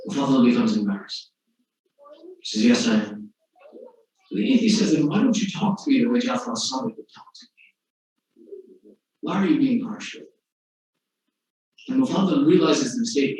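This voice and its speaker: A man giving a sermon as a sheikh, telling stories earnestly, acting out the quotes and slowing down for emphasis, in a large hall. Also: sits high. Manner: earnest storytelling, acts out quotes, slows for emphasis. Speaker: sheikh giving a religious lecture. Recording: very echoey hall, distant mic.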